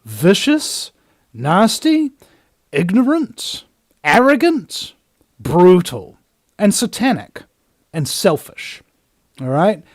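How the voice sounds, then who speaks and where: A New man hosting his own show, ranting emphatically and with scorn. His voice sits high for a man and swings widely in pitch as he drives each point home. The sound is close and dry, with no room around it. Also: a little mellow, dry recording. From New Zealand. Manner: emphatic and scornful, acts out other people's voices. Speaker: host. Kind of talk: ranting monologue.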